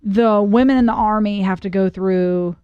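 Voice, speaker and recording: A woman's voice: mid-range voice, steady tone, normal speed, clear, resonant tone, no echo, highs cut off. A young woman co-hosting a podcast, talking things through thoughtfully and often starting her sentences over. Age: young adult. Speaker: podcast co-host. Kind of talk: casual podcast chat.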